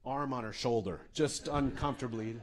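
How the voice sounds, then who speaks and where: A man's voice: mid-range voice, normal speed, heavy background noise. A man performing stand-up comedy, telling a self-mocking story with lots of asides.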